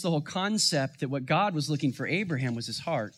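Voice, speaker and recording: A man's voice: fairly high pitch, expressive, a little fast, fairly bright tone. A man, a father of young children, preaching a sermon in a conversational style that rises into emphatic bursts. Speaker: pastor.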